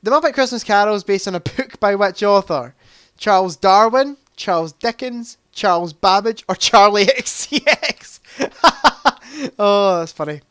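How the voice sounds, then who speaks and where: A man's voice: high voice, measured pace, fairly bright tone, clean tone, no room sound, clean studio sound. A young man hosting a casual livestream quiz, chatty, reading out answer options and adding joking asides. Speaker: livestream host.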